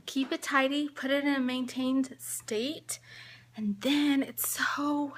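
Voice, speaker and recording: A woman's voice: high voice, steady tone, slow, slight background noise. A pregnant woman in her late thirties, a little out of breath, chatting and giggling as she gives viewers a tour of her home on a tripod camera. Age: 30s. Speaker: home organizing vlogger. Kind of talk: casual live-stream chat giving a home tour.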